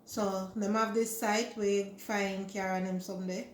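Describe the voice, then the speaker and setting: A woman's voice: medium pitch, little pitch movement, normal speed, reverberant, a little hiss or hum. A woman with a Jamaican accent, retelling a story in casual chat and slipping into Jamaican Creole. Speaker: vlogger.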